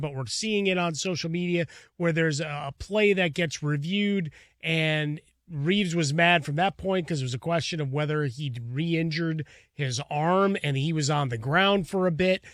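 A man's voice: on the high side, a bit bright, dry recording. A man co-hosting a sports talk show in the studio, chatting casually with wry asides.

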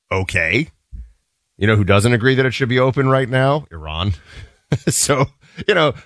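A man co-hosting a talk show, giving casual, animated political commentary with wry asides and laughter. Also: on the low side, dry recording, studio quality.

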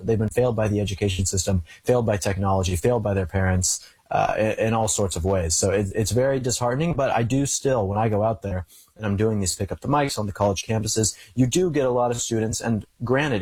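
A man's voice: fairly low pitch, darkish tone, slightly rough, no echo. A young man speaking earnestly as an interview guest, telling stories and making his case in conversation. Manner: earnest, storytelling with acted quotes. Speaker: guest, conservative commentator.

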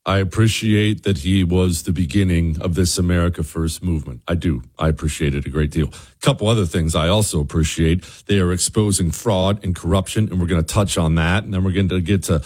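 A man's voice: deep voice, a little fast, few pauses, a little mellow, slightly rough. A man hosting a talk radio show, giving a fired-up monologue and speaking directly to his listeners.

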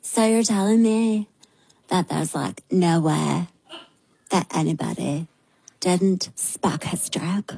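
A woman doing a vapid young woman with thick vocal fry that crackles through every word. She drags her phrases out slowly in a dark, gravelly tone, on a talk show. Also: on the low side, heavily acted. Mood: mocking. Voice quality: vocal fry, slow drawl. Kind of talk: mocking impression on a talk show.

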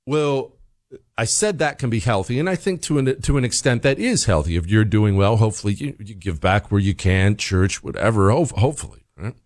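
Animated sarcastic male commentary host. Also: fairly quick, no room sound, studio quality. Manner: animated, sarcastic, swings between loud rants and low asides. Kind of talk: opinionated commentary monologue.

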